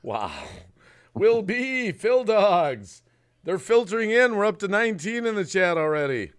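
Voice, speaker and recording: A man's voice: high voice, sing-song, a little slow. A man hosting a casual live stream, joking around and greeting viewers by name over a video call. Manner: jokey, reading out viewer names.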